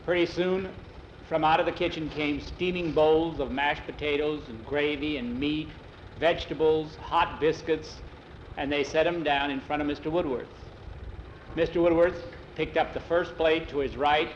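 A man telling a story in a relaxed, homespun way, acting out each character as he goes, in a roomy, dull lo-fi recording. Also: on the high side, slight background noise. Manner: unhurried, homespun, acts out the characters. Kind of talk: oral storytelling.

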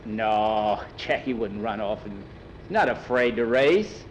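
A calm, steady grown man, played by a storyteller, level and a touch low. He speaks slowly and evenly. Faint background hum. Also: low-quality recording.

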